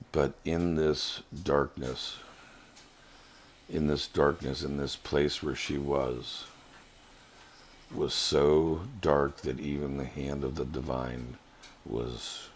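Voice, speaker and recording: Very deep, slow-spoken man. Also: steady tone, slight background noise. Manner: earnest, halting storytelling. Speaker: vlogger. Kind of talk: personal spiritual testimony.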